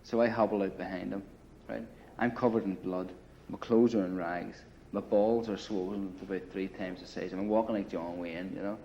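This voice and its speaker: A man's voice: sits low, fairly even intonation, normal speed, hardly any pauses, dark tone, slight background noise. Profane rambling storyteller man, lo-fi. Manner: rambling, profane, full of "you know" and "right". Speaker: interviewee telling war stories. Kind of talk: casual storytelling. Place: grungy apartment. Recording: dull lo-fi 1980 film audio.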